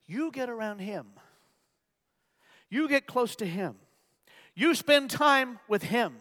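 A man preaching a sermon, swinging from loud, emphatic bursts to hushed, near-whispered lines. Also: high-pitched, lively intonation, takes it slowly, pauses often, in a large hall. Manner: acts out gasps for effect. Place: church.

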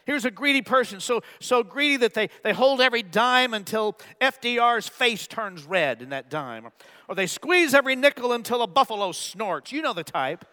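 Preacher man with a high, bright voice. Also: lively intonation, moderate pace, big-room sound. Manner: dynamic, swings from loud emphatic bursts to hushed near-whispers; acts out gasps for effect. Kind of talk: sermon. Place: church.

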